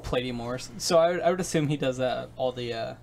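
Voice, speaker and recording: A man commentating casually on a card game stream, joking, quick to react and full of playful asides. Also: medium pitch, creaky, a little mellow, a little hiss or hum.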